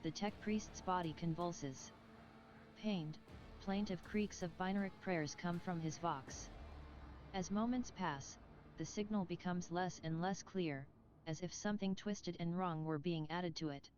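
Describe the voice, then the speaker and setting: A woman giving solemn, measured scripted narration in a game, heard through slightly muffled game audio with faint music behind. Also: on the low side, a little mellow.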